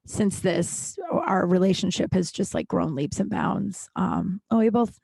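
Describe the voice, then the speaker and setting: A woman hosting a podcast in casual personal chat, talking in an animated, rambling way, swearing freely and getting emotional at times, at home. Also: fairly low pitch, a little slow, vocal fry, husky, no echo. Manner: emotional, close to tears at times. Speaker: podcast host.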